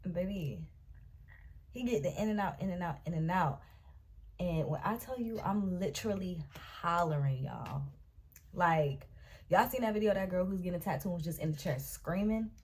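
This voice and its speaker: A woman's voice: fairly low pitch, normal speed, slight background noise. A young woman vlogger telling a dramatic storytime, talking straight to her viewers. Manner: animated, dramatic retelling, talks to viewers as y'all and baby. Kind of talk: storytime vlog.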